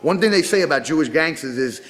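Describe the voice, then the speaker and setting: A male rapper talks loosely through an interview, his voice sitting a bit higher than most men's. He tells his stories with a cocky, swaggering edge and swears all the time. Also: animated, quick pace. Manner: profane, boastful storytelling. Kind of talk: casual interview talk.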